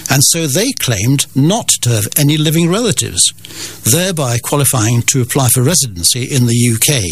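A man's voice: medium pitch, husky. An older man from the Scottish Borders, a guest telling family stories with dry, wry humour. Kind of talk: storytelling in an interview.

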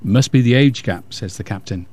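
A man's voice: mid-range voice, moderate pace, darkish tone. A male radio co-host in a studio with a mid-range voice. He sounds wry and playful as he trades quips and runs through listener messages. His delivery is casual and conversational. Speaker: radio co-presenter.

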